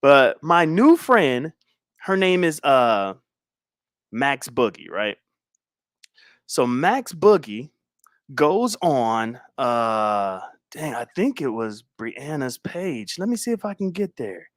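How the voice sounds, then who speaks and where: A man's voice: medium pitch, big pitch swings, slow, fairly bright tone, no room sound, studio quality. A man hosting a casual livestream, talking in a laid-back, slangy, rambling way with chuckles. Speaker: livestream host.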